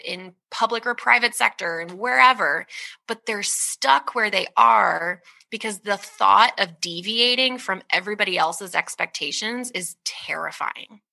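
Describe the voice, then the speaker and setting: A woman in her thirties, talking candidly as an interview guest, lively and laughing often, with lots of "like" and "right?". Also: mid-range voice, vocal fry. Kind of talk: conversational interview talk.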